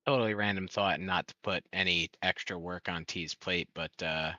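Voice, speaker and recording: A man with a lowish but very bright, cutting voice chats eagerly with friends. He throws out ideas in an upbeat way, and the sound is close and dry with no room around it. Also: fairly even intonation, normal speed, no room sound, dull audio. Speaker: game server admin. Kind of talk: casual chat.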